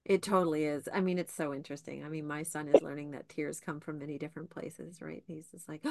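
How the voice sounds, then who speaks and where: A woman with a somewhat low voice hosts a casual podcast, chatting with animation and reading book passages aloud. The sound is close and dry. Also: brisk, gravelly, few pauses, dry recording. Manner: animated, laughing, reads book excerpts. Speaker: podcast host.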